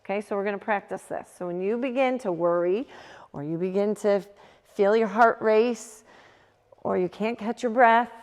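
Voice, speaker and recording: Woman youth leader, unhurried gentle coaching talk, church hall reverb. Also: mid-range voice. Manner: gentle, coaching, many fillers and restarts. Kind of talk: youth group talk on anxiety.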